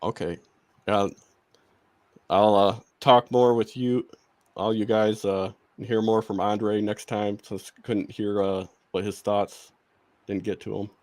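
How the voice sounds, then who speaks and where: Shy male guest, low voice, halting and unsure delivery. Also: flat delivery, darkish tone, no echo. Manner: hesitant, shy, many restarts. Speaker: guest on a live stream. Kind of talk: casual chat.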